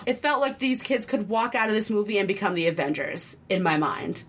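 A chatty woman talking through her thoughts in casual conversation, filling her sentences with little asides and hedging words. Her voice sits at an ordinary middle pitch, and she speaks loosely and animatedly, as if to a friend. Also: brisk, breathy edge. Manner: rambling, filler-heavy, animated, acts out quotes. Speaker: podcast co-host reviewing a film. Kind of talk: casual chat.

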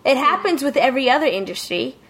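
A woman's voice: sits high, sing-song, quick pace, fairly bright tone, slightly rough. A woman co-hosting a casual chat, emphatic and ranting, swearing freely.

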